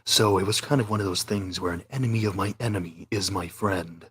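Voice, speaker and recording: A man's voice: low voice, a little fast, fairly bright tone. A man voicing a brooding, stoic male cartoon hedgehog antihero who talks formally and stiffly in a fan role-play Q&A.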